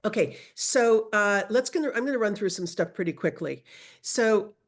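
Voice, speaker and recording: A woman's voice: medium pitch, lively intonation, normal speed. A woman teaching a casual Spanish lesson over a video call, chatty and self-correcting, laughing easily. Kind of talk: casual online language lesson.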